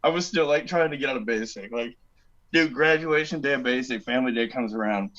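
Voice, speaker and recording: Animated, swearing veteran telling war stories. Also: male voice, medium pitch, fairly quick, muffled recording. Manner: animated, swears a lot, acts out quoted voices. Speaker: podcast guest, army veteran. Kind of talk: casual storytelling.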